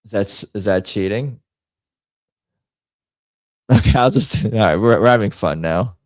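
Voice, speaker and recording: Slow-talking man muttering on a stream. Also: on the low side, dry recording. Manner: rambling, muttering to himself while typing. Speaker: host. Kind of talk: casual livestream chat.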